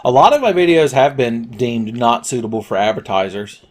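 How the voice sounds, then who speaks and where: A man giving casual, crude, joking commentary over a video game and yelling at it at times. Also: mid-range voice, expressive, moderate pace. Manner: crude, jokey, yells at the game. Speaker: Let's Play commentator.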